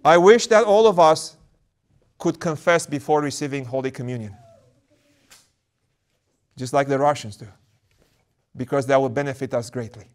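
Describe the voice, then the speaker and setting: A man's voice: medium pitch, moderate pace, long pauses. A man, an Orthodox priest, delivering a sermon and often repeating words as he works through a thought.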